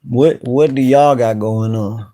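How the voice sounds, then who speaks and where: A man hosting a casual live stream, greeting viewers by name in relaxed slang. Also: medium pitch, takes it slowly. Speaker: channel host.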